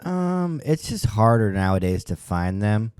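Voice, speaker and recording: A police officer talks through his work in casual podcast chat with a very low, deep voice. He explains things in a steady, measured way. The sound is dry and close, with no room echo. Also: clear, resonant tone.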